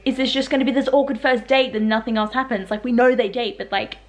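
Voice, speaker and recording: Young woman vlogging, bit high voice, gushy and excitable, laughs a lot. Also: fast talker. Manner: excitable, gushing, laughs often. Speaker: book vlogger. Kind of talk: casual reaction vlog.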